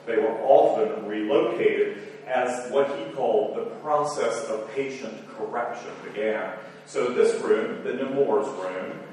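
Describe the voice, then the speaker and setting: A man's voice: fairly low pitch, a little hiss or hum. A man moderating a conference, giving formal remarks with dry self-deprecating humor. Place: lecture hall. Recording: roomy hall from far off.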